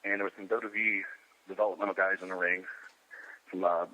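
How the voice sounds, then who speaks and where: A man's voice: sits low, flat delivery, fast talker, bright, forceful tone, lo-fi sound. A man bluntly telling his side of a wrestling story in casual talk. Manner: blunt, defensive. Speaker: pro wrestler.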